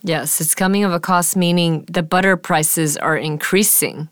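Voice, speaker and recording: Low-voiced woman chatting in a lesson. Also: fairly even intonation, moderate pace, fairly bright tone, no room sound, studio quality. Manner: chatty, gives everyday examples. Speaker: English teacher co-host. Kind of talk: casual explanatory lesson chat. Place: studio in Taipei.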